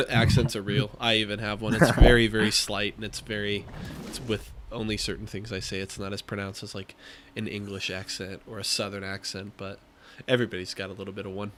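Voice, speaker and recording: A man's voice: on the low side, steady tone, brisk, fairly bright tone. A man co-casting a live esports match, teasing his partner and asking questions. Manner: bantering, teasing, asks questions. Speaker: esports co-caster. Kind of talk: live game commentary.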